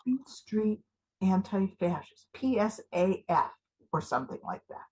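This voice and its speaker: A woman plays an eager older activist with a husky, slightly breathy voice. She gushes over every new scheme in a live improv scene, and her excitement keeps tipping into paranoia. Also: mid-range voice, measured pace, low-quality recording. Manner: gushing, excitable, a little paranoid. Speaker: improv performer.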